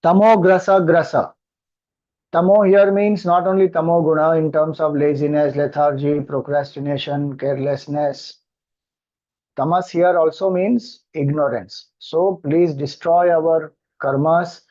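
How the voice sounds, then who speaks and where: A man with an Indian English accent giving a scripture discourse, chanting mantras slowly and then explaining them. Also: on the high side, steady tone, mellow, highs cut off. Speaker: spiritual teacher.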